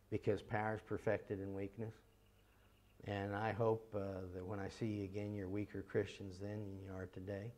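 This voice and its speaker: A middle-aged man delivers a seminar sermon in a fairly low voice. He tells folksy, animated stories and drops into a soft, hushed tone for the prayerful passages. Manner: folksy, animated storytelling with laughter. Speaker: seminar speaker and teacher. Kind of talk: sermon with storytelling.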